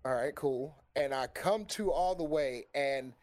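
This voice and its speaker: His mid-range voice is unhurried as he works through a long anecdote in casual talk. He curses liberally and gets animated, voicing the dialogue of the people he describes.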